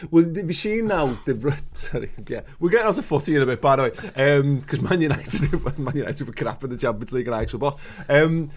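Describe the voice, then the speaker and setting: A man's voice: expressive, fast talker, few pauses. Ranting sweary man. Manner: sweary ranting, swings pitch up when worked up. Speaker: podcast co-host. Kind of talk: casual chat.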